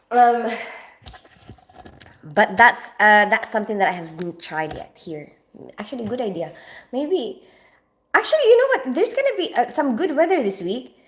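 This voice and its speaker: A woman in her forties from the Philippines chats with her viewers from home, rambling along with plenty of fillers. Her nose is stuffy from allergies. The talk is loose and relaxed, with no script. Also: medium pitch. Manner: chatty, rambling, lots of fillers. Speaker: livestream host. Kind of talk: casual live chat with viewers.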